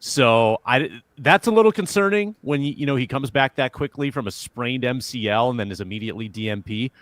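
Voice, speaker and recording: A man hosting a casual sports analysis show, brisk, steering the talk between panelists. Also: mid-range voice, a bit bright, dry recording.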